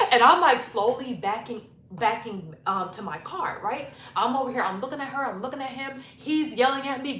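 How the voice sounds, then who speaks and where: A woman's voice: a little high, normal speed, hardly any pauses. Chatty young woman telling a story. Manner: animated, chatty, profane, laughing storytelling. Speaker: YouTube storyteller. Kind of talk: casual storytime vlog. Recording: roomy echo, faint noise.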